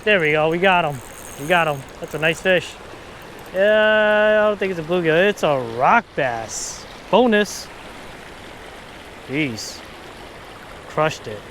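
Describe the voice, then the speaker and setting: An excitable man fishing at a river, talking to his viewers and a little out of breath, recorded outdoors on an action camera. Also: a little high, slow pace, long pauses, a little hiss or hum. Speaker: fishing vlogger. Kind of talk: casual fishing vlog.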